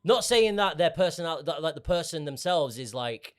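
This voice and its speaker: رجل بريطاني يقدّم بودكاست بصوت عالٍ ونبرة متقلبة كثيراً وحماس في سرد الحكايات. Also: male voice, a little high, normal speed. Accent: British. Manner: loud, animated storyteller. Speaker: podcast co-host. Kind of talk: casual chat.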